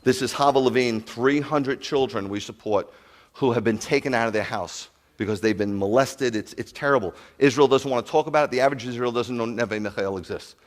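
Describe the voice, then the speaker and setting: Guy preaching a sermon, lively and chatty, tells stories, asks the room questions. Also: medium pitch, brisk. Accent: New York. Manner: animated, storytelling, asks the crowd questions. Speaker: pastor. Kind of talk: sermon to a congregation.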